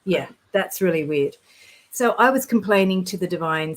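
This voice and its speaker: A woman with a fairly low voice tells her stories in a relaxed, rambling way. She sounds earnest and gets excited easily, and her sentences often restart mid-thought. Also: normal speed, rough recording. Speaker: guest sharing spiritual experiences. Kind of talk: casual conversation.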